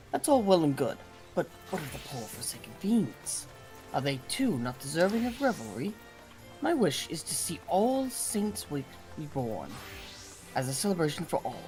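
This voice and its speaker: A woman puts on a grandiose, scheming game host who befriends fiends, rolling out archaic phrases with theatrical flair. The voice sits low yet swoops widely, with game music playing behind it. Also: low-quality recording. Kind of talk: dramatic reading of game dialogue.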